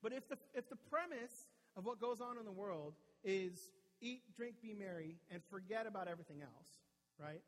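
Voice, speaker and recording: A pastor with a high, lively voice preaches at a moderate pace to a live audience in a church hall, captured in a low-quality recording with big-room sound. He talks casually and conversationally, often asking "right?" and repeating words when he restarts.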